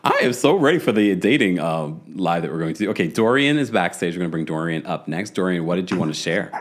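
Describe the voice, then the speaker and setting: A man's voice: sits low, animated, fast. A man hosting a live call-in show, explaining clips and bringing callers up. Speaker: podcast host.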